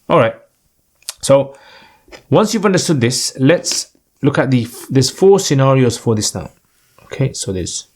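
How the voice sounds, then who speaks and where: A man's voice: mid-range voice, darkish tone. Patient man teaching Arabic grammar. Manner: patient, checks in with "right?" often. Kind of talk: explanatory lesson with recitation.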